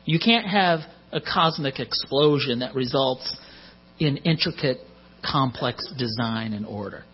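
A man's voice: medium pitch, lively intonation, unhurried, husky. A middle-aged man preaching a sermon in a conversational way, with joking asides, on a muffled recording with mains hum.

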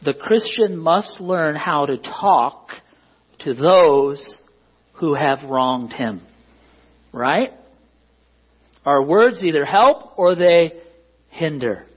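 A man's voice: on the high side, lively intonation, extremely slow, long pauses, breathy edge, muffled recording. A man preaching a conversational sermon as pastor, often asking the congregation to agree. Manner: conversational, self-deprecating, asks the congregation for agreement. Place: church.

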